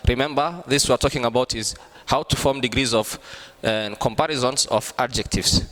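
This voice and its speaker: A man's voice: medium pitch, steady tone, brisk, fairly bright tone. Male teacher in a reverberant room. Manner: patient, repetitive step-by-step explaining with frequent restarts. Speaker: English teacher. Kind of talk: online classroom lesson. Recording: long reverb from a hard room.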